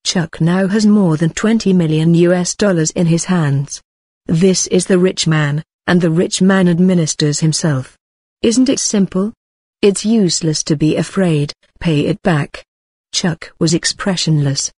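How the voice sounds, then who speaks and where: A woman narrating a translated story in an even, machine-like reading. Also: fairly low pitch, measured pace, slightly rough, dry recording, studio quality.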